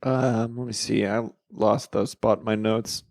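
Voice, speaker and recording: Gravelly-voiced man, teasing podcast co-host. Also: lowish voice, little pitch movement, a little slow, a little mellow, no room sound, clean studio sound. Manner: joking, teasing, laughs often. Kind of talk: casual movie recap chat.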